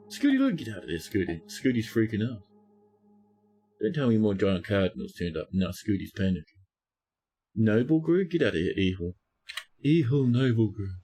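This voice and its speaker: Mid-range and darkish in tone, a male streamer chats with his viewers while gaming and tells off the on-screen characters, with slight background noise in the recording.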